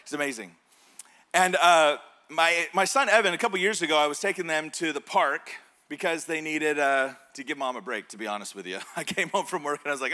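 A pastor in his thirties preaches a sermon through a personal story, telling it animatedly and laughing along the way. His voice is on the high side and fairly quick.

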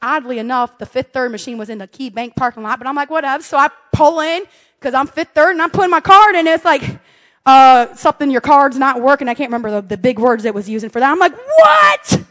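Animated high-voiced woman telling a story. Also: fast talker. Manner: expressive, rising to loud exasperation. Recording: long hall reverb.

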